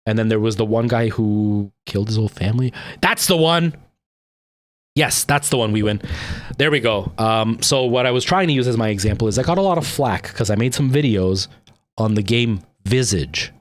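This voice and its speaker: A man's voice: fairly low pitch, brisk. A man with a Canadian accent, chatting casually with live-stream viewers and rambling along with plenty of "like" and "um". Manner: rambling, with frequent "like" and "um".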